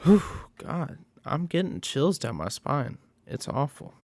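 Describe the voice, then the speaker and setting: A man giving a casual recap of a horror movie, excitable and profane. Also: fairly high pitch, slow pace, no echo, studio quality.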